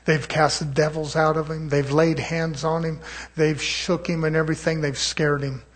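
A man's voice: a little high, level tone, moderate pace, close to an everyday voice. A man quoting a weary, protective mother in a mountain town as he tells a story, in a tired, guarded tone.

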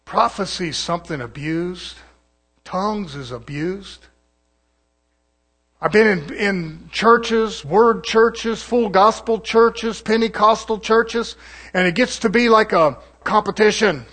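A pastor with a high voice preaches to his congregation. The man is folksy and conversational. He drops into quick imitations of other preachers. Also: fairly bright tone. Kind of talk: sermon.

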